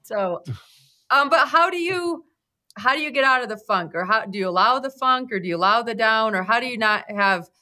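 A woman's voice: fairly high pitch, lively intonation, brisk, pushed and bright. A woman hosting a podcast interview, chatty and open, often quoting her own thoughts. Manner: chatty, talks with her hands in quotes and many "like"s. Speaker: podcast host. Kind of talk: conversational interview.

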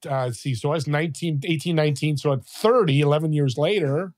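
A man in his sixties, a podcast guest telling stories in a lively conversational way and acting out the voices of people he quotes. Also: on the high side, fast talker, dry recording, studio quality. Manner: animated, acts out quoted voices. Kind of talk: conversational storytelling.

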